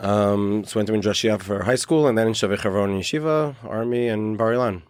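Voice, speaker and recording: A man's voice: on the low side, fairly quick, a little mellow, smooth, no echo, clean studio sound. Matter-of-fact man in his forties. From Israel. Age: 40s. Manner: brief, matter-of-fact answers. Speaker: guest, company executive. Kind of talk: casual interview talk.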